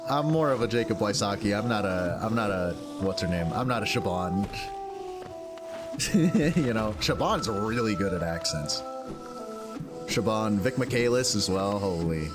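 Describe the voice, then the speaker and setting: A man's voice: on the low side, lively intonation, normal speed. A man streaming a game, chatting casually and rambling with lots of fillers. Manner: rambling, filler-heavy, thinks aloud. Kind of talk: casual gameplay commentary. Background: game music.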